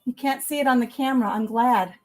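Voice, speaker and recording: Talking quickly in a somewhat high voice, a woman livestreams from her home kitchen while cleaning out the fridge, chatting easily with viewers and sounding a little winded.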